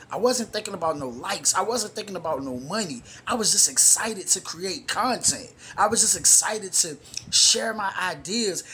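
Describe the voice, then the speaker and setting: A man's voice: high-pitched, sharp tone, slight background noise. A man hosting his own show, giving a casual motivational talk to camera. He is emphatic and repetitive, uses informal slang and calls his listeners brothers and sisters. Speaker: motivational speaker and show host.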